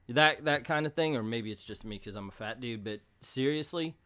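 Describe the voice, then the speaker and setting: A man's voice: fairly low pitch, moderate pace, bright, forceful tone, clear, resonant tone. A middle-aged man hosting a casual comic book review, rambling and hesitant with bursts of exasperated, joking complaint. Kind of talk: casual video review monologue.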